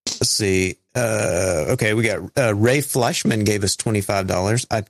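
A man's voice: lowish voice, normal speed, dry recording, studio quality. A man from Alabama, co-hosting a podcast in casual chat and reading donor notes aloud with lots of fillers. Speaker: podcast co-host.

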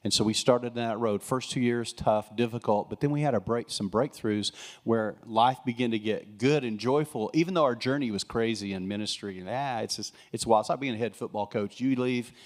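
A man's voice: mid-range voice, a little fast. Earnest preaching man sharing testimony. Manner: earnest, preacherly, with joking asides. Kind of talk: sermon-style testimony.

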